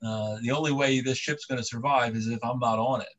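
A man's voice: mid-range voice, steady tone, brisk, a bit bright, close to an everyday voice. A man voicing a reluctant male prophet who talks in an offhand, grudging way. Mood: resigned.

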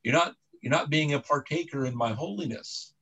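A man's voice: on the high side, normal speed, fairly bright tone, breathy edge, low-quality recording. A man voicing a patient divine voice, firm, matter-of-fact. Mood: questioning.

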